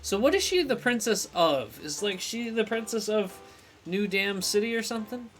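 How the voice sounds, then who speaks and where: A man chats his way through a video game on a live stream, playful and joking as he reads the on-screen text aloud. His voice is bright and his pitch jumps around a lot, with faint music playing underneath. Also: animated, moderate pace.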